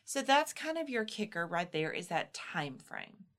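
A woman's voice: lowish voice, very animated, a little slow, fairly bright tone. Woman explaining postpartum health on a podcast. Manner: explanatory, reassuring, acts out moms' inner voices. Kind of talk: casual podcast chat.

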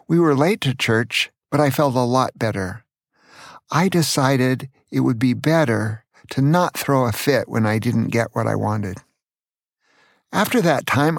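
A man in his sixties from California, a grandfather gently and earnestly telling stories from his childhood on his own podcast. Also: medium pitch, no room sound, clean studio sound. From California, USA. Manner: earnest, gentle, slow storytelling. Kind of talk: storytelling memoir.

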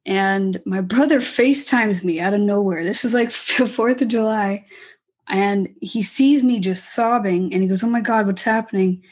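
A young woman in her twenties tells her own story as an interview guest. She talks candidly and haltingly, with many fillers and restarts, at an ordinary middle pitch. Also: a little mellow, husky. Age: 20s.

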